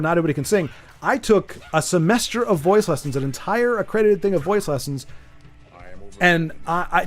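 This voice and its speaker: A man streaming a game, chatting casually and rambling with stammers and repeated words as he answers viewer chat. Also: a little high. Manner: reads viewer chat aloud and teases. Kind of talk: casual chat while gaming.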